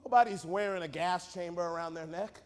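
Brief: male preacher, high-pitched, fiery sermon with rapid asides, reverberant sanctuary. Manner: dynamic, swinging from rapid joking asides to loud shouted climaxes. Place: church sanctuary. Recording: reverberant church hall.

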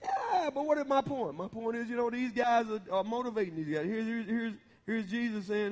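High-voiced preacher in a reverberant church. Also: male voice, expressive, fairly quick, hardly any pauses. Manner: folksy, bantering, builds to loud preaching. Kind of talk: sermon with congregation banter. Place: church sanctuary. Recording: long reverb of a church hall.

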